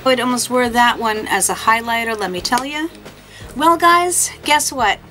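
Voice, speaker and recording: A woman's voice: on the high side, lively intonation, normal speed, fairly bright tone, faint music behind, rough recording. A woman making a casual makeup vlog to camera, chatty, apologetic and hard on herself. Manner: chatty, self-deprecating and apologetic. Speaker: beauty vlogger.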